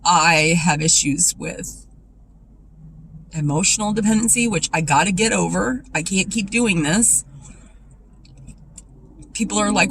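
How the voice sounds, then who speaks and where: A woman vlogger speaking in a raw, emotional personal monologue, confessional and tearful, her voice dropping low when upset. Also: a little slow, long pauses, a bit bright, slight background noise, poor audio.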